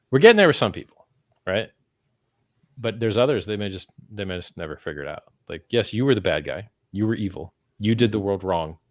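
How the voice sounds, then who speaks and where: A man's voice: lowish voice, dry recording. A man talking bluntly and emphatically, with casual profanity, in a livestream chat over a computer mic. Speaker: crypto founder taking guests on a livestream.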